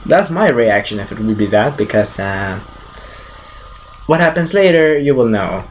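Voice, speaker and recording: A man's voice: lowish voice, expressive, a little slow, slight background noise. A man giving a casual, rambling movie recap, swearing freely, correcting himself as he goes and acting out the scenes. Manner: restarts and self-corrections. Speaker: movie reviewer.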